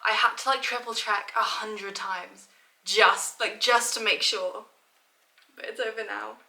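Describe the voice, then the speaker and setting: A woman's voice: medium pitch, measured pace, vocal fry. Chatty young woman, echoey room. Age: young adult. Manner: chatty and excitable, jokey and self-mocking. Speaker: student vlogger. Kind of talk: casual vlog talk to camera.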